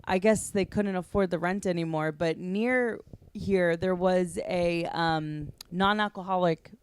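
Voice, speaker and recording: A woman in her thirties hosting a podcast in casual chat, excitable and rambling with lots of fillers. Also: fairly low pitch, a little slow, clear, resonant tone. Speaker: podcast host.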